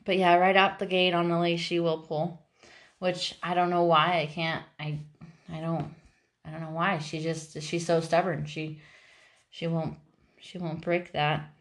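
A woman chatting casually about her dogs, rambling with many restarts, laughing often and jumping high into playful quoted voices. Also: little pitch movement, measured pace. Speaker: dog owner.

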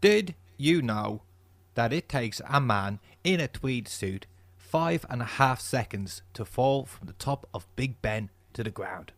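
A man doing an impression of a famous older male film actor reciting trivia, speaking very slowly and stressing every word. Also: mid-range voice, lively intonation, no room sound. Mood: deadpan.

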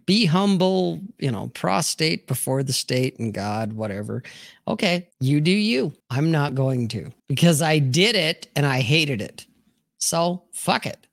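A man hosting a live-streamed discussion, swearing freely, laughing loudly and reading viewer comments aloud. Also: a little high, measured pace, vocal fry, dry recording, studio quality. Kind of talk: casual live-stream chat.

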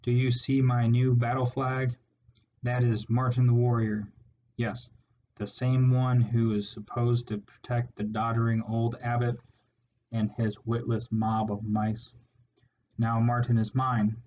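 A man's voice: mid-range voice, little pitch movement, a little slow, warm tone, muffled recording, slight background noise, natural voice. A man doing a sneering rat warlord. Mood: threatening. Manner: sneering, ranting, menacing. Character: cruel arrogant male rat warlord.

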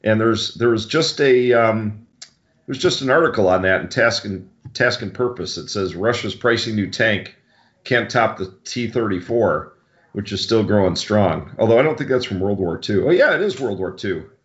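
Deep-voiced man rambling on a podcast. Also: lively intonation, normal speed, a bit bright. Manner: rambling, tangents, self-correcting. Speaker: co-host. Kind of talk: casual podcast banter. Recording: dull lo-fi sound.

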